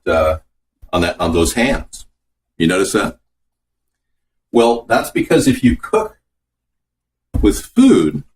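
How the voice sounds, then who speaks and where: A man hosting a casual cooking show from his home kitchen, chatting and answering viewer comments as he goes. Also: mid-range voice. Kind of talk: casual live-stream cooking chat.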